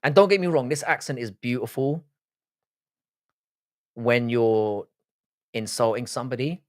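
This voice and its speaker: A man's voice: medium pitch, measured pace, no echo, studio quality. A man with an English accent, raised in Britain with Irish roots, hosting a casual livestream, blunt and sweary as he reads out and answers comments. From Ireland, raised in Britain. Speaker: livestream host.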